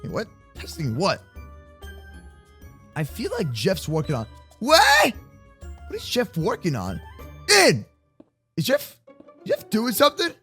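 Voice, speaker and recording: A man hosting a game roleplay video, talking in a loud, hyper, jokey way and stammering into quick repeats. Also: high-pitched, wildly swooping pitch, slightly rough, faint music behind. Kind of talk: excited game roleplay commentary.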